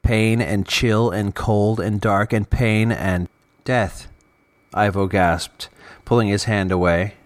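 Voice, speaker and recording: Low-voiced man narrating a serial story. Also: steady tone, takes it slowly. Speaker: podcast narrator. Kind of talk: scripted fiction narration.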